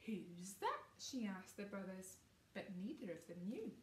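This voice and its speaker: A woman reading a picture book aloud to children, gently asking them questions along the way. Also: medium pitch, animated, normal speed. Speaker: storybook reader. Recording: roomy, distant mic, faint noise.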